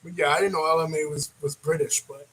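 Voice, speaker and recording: A man hosting a reaction video, talking in a rambling, animated way and laughing often. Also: fairly high pitch, quick pace, breathy edge, low-quality recording. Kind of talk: casual reaction commentary.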